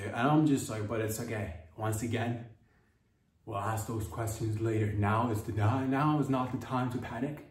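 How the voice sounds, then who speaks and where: A man telling a rambling, animated comic story as a podcast host, swearing freely. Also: lowish voice, normal speed. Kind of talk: comedic storytelling. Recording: echoey room, distant mic.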